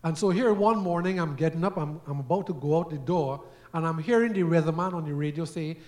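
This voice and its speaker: A man's voice: on the high side, a little fast, a little mellow. A man with a slightly raised voice preaches to a congregation. He tells everyday stories to make his point and acts out the voices in them, sometimes stumbling over repeated words. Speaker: guest preacher. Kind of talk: sermon teaching.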